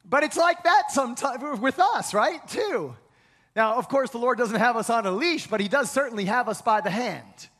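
A middle-aged man preaching a sermon as pastor, telling stories animatedly and sinking to a soft hush at times. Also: normal speed. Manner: animated storytelling with big pitch swings, dropping to a soft hush for comforting lines. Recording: long reverb of a large hall.

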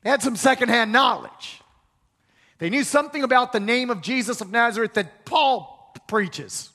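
A man's voice: extremely high pitch, expressive, normal speed, pushed and bright. A man preaching a sermon, building to emphatic peaks and repeating key phrases. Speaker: pastor. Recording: long hall reverb.

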